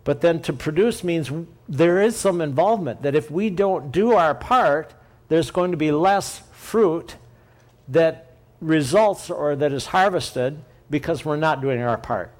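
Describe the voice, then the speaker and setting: A man delivers a sermon-style Bible teaching, his voice sitting a little high for a man. He explains patiently and thinks aloud, circling back to rephrase his points. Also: expressive, measured pace, a little mellow.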